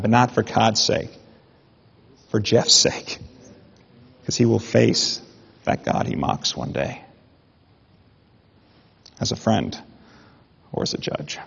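A man preaching a sermon in an animated way, with mock-indignant asides. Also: fairly low pitch, gravelly, breathy edge. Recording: dull sound in a reverberant hall.

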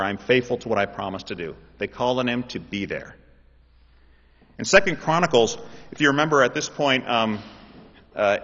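A man preaching a sermon, shifting between explaining and loud, impassioned pleas. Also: medium pitch. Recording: dull audio in a reverberant hall.

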